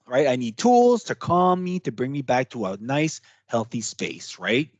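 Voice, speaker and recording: A man giving a casual workshop talk as a trainer, chatty and animated, acting out what clients might say. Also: mid-range voice, moderate pace, few pauses, husky, no echo.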